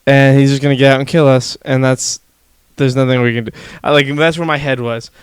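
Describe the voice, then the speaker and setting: A man's voice: mid-range voice, a little fast, few pauses, no room sound. A young man co-hosting a casual livestream podcast, telling stories with lots of energy and swearing freely. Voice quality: smooth, clear voice. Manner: animated storyteller, swears freely. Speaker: podcast co-host. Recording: dry close mic.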